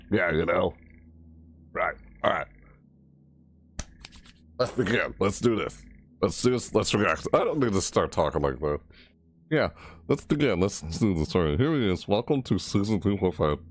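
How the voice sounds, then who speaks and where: A man's voice: animated, normal speed, long pauses, slight background noise. A man casually rambling through a game overview and reaction, mumbling and restarting phrases as he corrects himself. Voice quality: low mumbling delivery. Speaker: gaming video creator.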